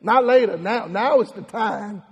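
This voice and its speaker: A man preaching a sermon as pastor, animated and laughing often, leading the congregation in repeating phrases. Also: high voice, unhurried, breathy edge, in a large hall, highs cut off. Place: church.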